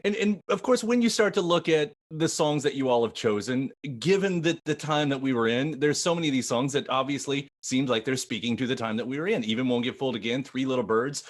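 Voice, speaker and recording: A man's voice: mid-range voice, a little fast, hardly any pauses. A man hosting an interview, asking long, thoughtful questions with frequent restarts. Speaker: interview host.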